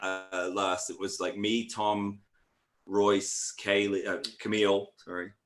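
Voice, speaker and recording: A man's voice: lowish voice, little pitch movement, slow pace, soft background music, low-quality recording. A man joining a live online chat as a guest over a video call, teasing the hosts with brash banter. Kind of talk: casual chat.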